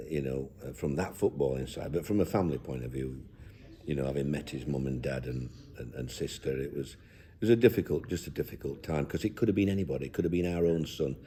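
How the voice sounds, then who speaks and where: With a rumbling low, mellow voice, an older man who manages a football team looks back on the past in a relaxed interview. His talk is plain and down-to-earth, wandering with frequent restarts.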